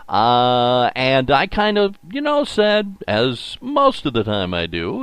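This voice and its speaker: Animated older man hosting sports talk. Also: a little high, unhurried, hardly any pauses, clear, resonant tone, dry recording. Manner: folksy, rambling, animated with many fillers. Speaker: sports talk show host. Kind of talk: solo sports radio podcast monologue.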